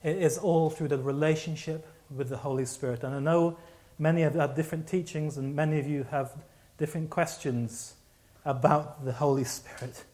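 Man preaching a lively sermon. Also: a little high, moderate pace. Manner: animated storytelling with repeated restarts.

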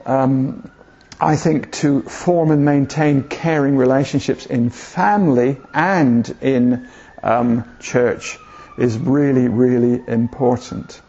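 A man from southern England preaches an informal sermon in a church, chatty and jokey, frequently putting questions to the congregation. His mid-range voice is dark and steady, he takes his time, and the church recording sounds dull and lo-fi.

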